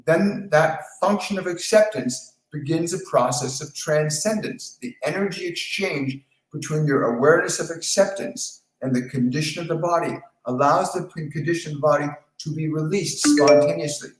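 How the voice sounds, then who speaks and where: A man hosting a live spiritual Q&A, talking in a calm, repetitive coaching tone. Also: a little high, normal speed, few pauses, echoey room, poor audio. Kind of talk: live-stream talk answering viewer questions.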